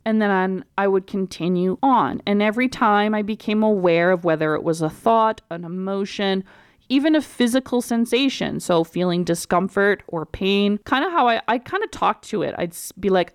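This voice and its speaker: A woman talking gently and conversationally about responding to pain, reassuring the listener and acting out her own self-talk. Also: medium pitch, lively intonation, moderate pace, smooth, no echo, studio quality. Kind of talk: instructional talk to camera.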